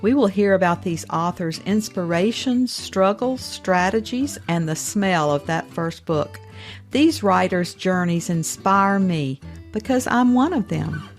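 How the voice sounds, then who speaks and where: A woman in her seventies hosting an author interview show, reading a measured scripted introduction and asking questions. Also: fairly low pitch, expressive, soft background music. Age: 70s. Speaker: podcast host.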